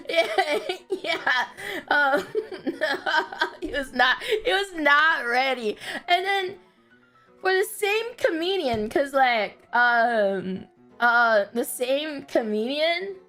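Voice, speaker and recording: A woman live streamer telling stories in casual chat, often breaking into giggles and filling pauses with "like" and "um.". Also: sits high, animated, pushed and bright, faint music behind. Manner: giggly, bursts into laughter, many fillers.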